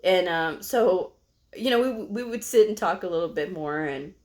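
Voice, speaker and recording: Middle-aged woman from texas, lowish voice, rambly chatty storytime, lots of you knows. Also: expressive, normal speed, darkish tone. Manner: chatty, with many fillers like "you know". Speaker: medical coder vlogger. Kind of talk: casual storytelling to camera.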